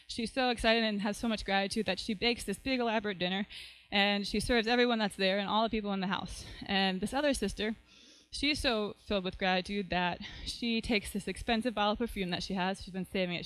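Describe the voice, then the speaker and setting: Woman, pastor, casual storytelling sermon, mid-pitched, smooth resonant voice. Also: fairly bright tone, poor audio. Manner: conversational storytelling, frequent "like" and "right?".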